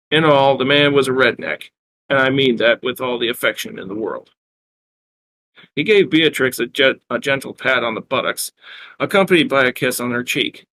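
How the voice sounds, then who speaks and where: Man, bright forceful tone, reads his own wry first-person story. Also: mid-range voice. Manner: wry first-person narration with small self-corrections. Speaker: writer reading his work. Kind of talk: reading his own fiction aloud.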